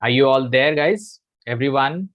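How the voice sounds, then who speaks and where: Speaking unhurriedly in a mid-range, fairly bright voice with the highs cut off, a man with an Indian English accent runs a live online English class. As a communication coach, he stresses points, repeats important phrases and tests his learners.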